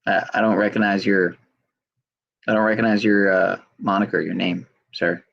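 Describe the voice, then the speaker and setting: A man with a low, gravelly voice rambles through livestream commentary, swearing and slipping into sarcasm. He talks quickly, and the stream audio sounds dull and lo-fi. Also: flat delivery. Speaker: livestream host.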